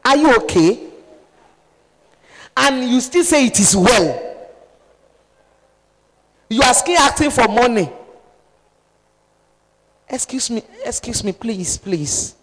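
A Nigerian woman preaches with fervent conviction, her voice rising to forceful exhortation before dropping to urgent, hushed pleas. She talks straight at the congregation in a sermon style. The recording rings with a long reverb from a large hall. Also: fairly high pitch, sing-song, slow pace, long pauses. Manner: impassioned, pleading, swings from loud exhortation to hushed appeals.

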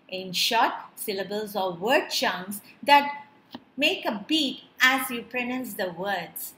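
A woman teaching a beginner lesson, speaking slowly and clearly and drawing out each word to show its parts. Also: fairly high pitch, fairly bright tone, roomy sound, a little hiss or hum. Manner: slow, clear, drawn-out word-by-word pronunciation. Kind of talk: children's lesson narration.

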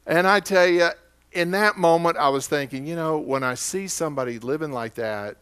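Bright-voiced Oklahoma pastor preaching. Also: male voice, fairly high pitch, moderate pace, clear, resonant tone. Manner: folksy, conversational storytelling. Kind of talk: sermon.

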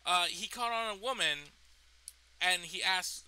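A young man rambles through a personal story, swearing and restarting his sentences. His voice sits high and sounds very bright and sharp. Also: unhurried, pauses often, smooth, rough recording. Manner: rambling, profane, full of fillers and restarts. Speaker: storytime vlogger. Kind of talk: casual storytime.

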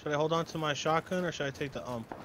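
A young man chatting over voice chat while gaming, jokey and quick to yell when startled. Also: a little high, crowd noise. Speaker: friend in voice chat.

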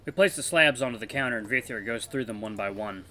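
A man hosting a let's play, reading a visual novel aloud in a chatty, animated way. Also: medium pitch. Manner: animated, chatty, quick laughs.

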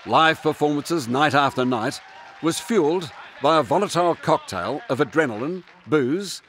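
A male reporter, narrating a TV segment and asking questions in a measured, steady way. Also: a little high, slight background noise. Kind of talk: TV interview and scripted narration.

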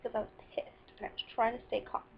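A woman's voice: fast, muffled recording, a little hiss or hum. A teenage girl venting about her day in a rambling, sarcastic personal vlog. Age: teens. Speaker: vlogger.

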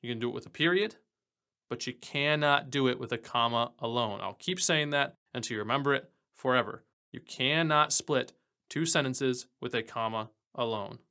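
Guy explaining grammar online, bright clear voice, keeps asking you questions. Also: medium pitch, normal speed. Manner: patient, repeats key rules, asks questions to the viewer. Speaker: English teacher.

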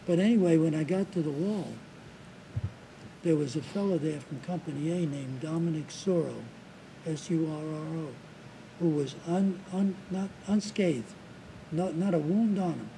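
An older veteran in his seventies tells his war story in an interview. He speaks haltingly and often repeats words as he restarts. His voice is raspy and gravelly, with a dark, mellow tone and a faint hiss behind it. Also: fairly high pitch, rough recording. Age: 70s. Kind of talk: recounting war memories in an interview.

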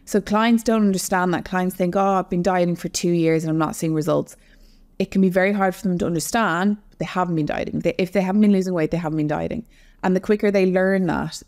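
A young adult woman with a slightly low voice talks as a podcast guest. She is earnest and explanatory, speaking directly to women about her coaching work. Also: a little mellow. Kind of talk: casual podcast conversation.

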